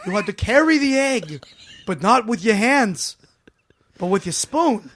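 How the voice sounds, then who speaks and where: A man's voice: high voice, big pitch swings, a little slow, a bit bright, no echo, full character voice. A man playing a rambling old vaudeville performer. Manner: rambling, chuckling, nostalgic. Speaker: guest comedian. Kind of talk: improvised comedy podcast.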